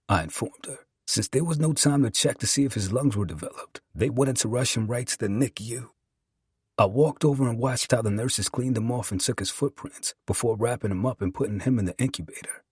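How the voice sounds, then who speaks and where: A man's voice: mid-range voice, normal speed, slightly rough, no echo, clean studio sound. A man narrating a dramatic first-person story with emotion and profanity.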